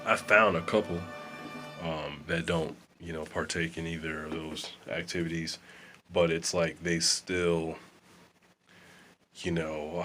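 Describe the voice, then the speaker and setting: A low-pitched man talks straight to camera in a loose, rambling vlog manner, padding his sentences with fillers. He is in a small room with dampened sound. Soft music sits faintly behind him. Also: fairly even intonation, moderate pace. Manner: rambling, filler-heavy, conversational. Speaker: vlogger and musician. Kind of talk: casual talk to camera.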